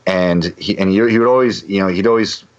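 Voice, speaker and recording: A man, a guest musician, telling a story on a casual podcast in an animated, rambling way with many restarts. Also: deep voice, brisk, clean tone. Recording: dull lo-fi sound.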